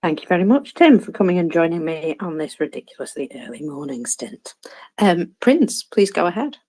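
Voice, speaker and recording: A woman's voice: lowish voice, sing-song, moderate pace, warm tone. A woman hosting a casual online audio chat, chatty and searching for words. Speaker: host.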